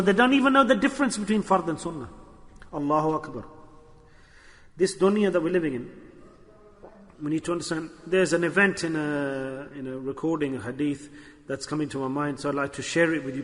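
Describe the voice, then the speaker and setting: A high-voiced man delivers a sermon before a gathering for dhikr. His tone is bright and urgent, full of repetition as he calls out to the brothers. His words carry a long reverb through the hall. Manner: impassioned and repetitive, addressing the brothers. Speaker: sheikh giving a religious talk.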